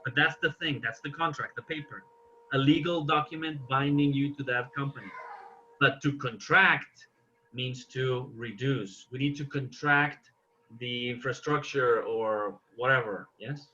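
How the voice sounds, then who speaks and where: Bright-voiced man teaching an online English class. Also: medium pitch, fairly even intonation, normal speed, lo-fi sound. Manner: patient, correcting students.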